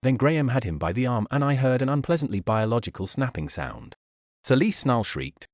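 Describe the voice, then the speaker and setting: A man narrating an audiobook in an expressive, wry manner on a studio mic. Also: medium pitch, a little fast, no echo.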